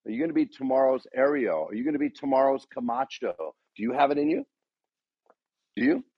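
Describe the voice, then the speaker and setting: Husky man rousing a room with questions. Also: mid-range voice, animated, a little fast, no echo, highs cut off. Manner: rousing, asks the room repeated rhetorical questions. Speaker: speaker addressing a dealership sales team. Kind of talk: motivational talk to a room.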